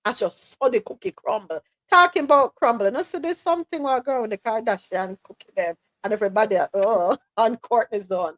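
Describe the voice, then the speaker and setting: A Jamaican woman hosts a live news-talk podcast, delivering emphatic, strongly opinionated commentary and sometimes dropping into patois. Her voice is a little high and fairly bright, a bit fast with few pauses, and it sounds close and dry with no room echo.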